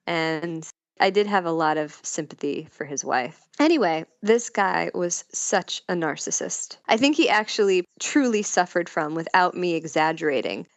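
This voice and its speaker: A woman's voice: lowish voice, clean tone, no echo, lo-fi sound. A woman talking frankly and casually as a podcast guest, laughing often as she talks. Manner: frank, giggly, breaks into laughter. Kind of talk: candid casual chat.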